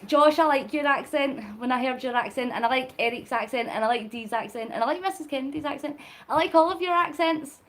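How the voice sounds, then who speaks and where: A woman's voice: high voice, a little fast, fairly bright tone. A woman hosting a late-night live stream, chatting with viewers and answering their comments while she cycles. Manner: talking while cycling on a long charity ride. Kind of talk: casual live-stream chat.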